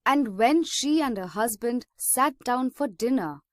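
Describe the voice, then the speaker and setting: A woman teacher reading a story aloud slowly and expressively for a school lesson. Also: on the high side, lively intonation, no echo, studio quality.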